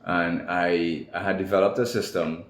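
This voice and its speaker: A man's voice: low voice, little pitch movement, moderate pace. A man with a Trinidadian accent, a guest telling his personal story candidly in an interview. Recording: echoey room with faint noise.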